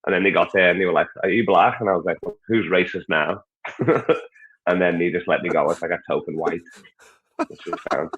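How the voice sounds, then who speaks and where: This Liverpool comedian with a Scouse accent talks in a low, steady, slightly bright voice, a little fast and pausing often. He's a podcast guest chatting crudely and rambling in a casual way, and the audio is dull.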